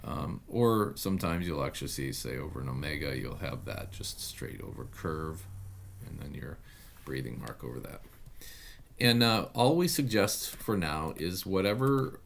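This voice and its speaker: Deep-voiced man teaching a halting lesson. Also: gravelly, slight background noise. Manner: halting, many fillers and self-corrections. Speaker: Greek teacher. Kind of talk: online video lesson.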